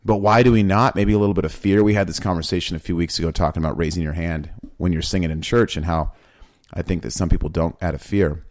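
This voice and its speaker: Man, low voice, dry close sound, excitable rambling podcast co-host. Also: quick pace, dry recording. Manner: animated, rambling, many restarts. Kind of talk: casual faith discussion.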